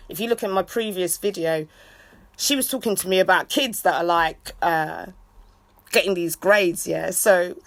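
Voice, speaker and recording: A woman ranting casually on a livestream, swearing freely and breaking off for loud shout-outs to viewers. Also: fairly low pitch, normal speed, vocal fry, no echo. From England. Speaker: livestreaming vlogger. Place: outdoors in a city.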